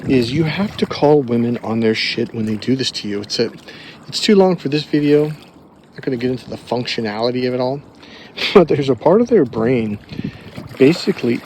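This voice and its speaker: Brief: male dating coach, mid-pitched, blunt and salty, casual rambling delivery. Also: darkish tone, slight background noise. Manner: blunt and profane, rambling with fillers. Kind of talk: casual advice monologue to camera.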